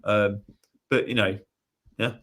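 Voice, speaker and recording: A man's voice: fairly low pitch, fairly even intonation, takes it slowly, fairly bright tone, a little hiss or hum. A man from England hosting a casual live stream, chatting and reading out viewer messages. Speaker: host.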